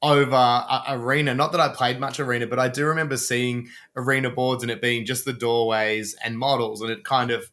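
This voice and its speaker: A man's voice: mid-range voice, fairly even intonation, brisk, hardly any pauses, fairly bright tone. A man co-hosting a gaming podcast, chatty and prone to breaking off mid-sentence. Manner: chatty, asks questions, self-interrupting. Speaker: podcast co-host. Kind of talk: casual chat.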